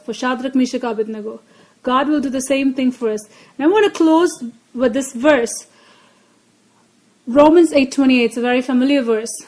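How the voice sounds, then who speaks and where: A woman's voice: high-pitched, a little mellow, rough recording. A woman preaching a Bible lesson, earnest and repeating her key phrases for emphasis. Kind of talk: Bible teaching.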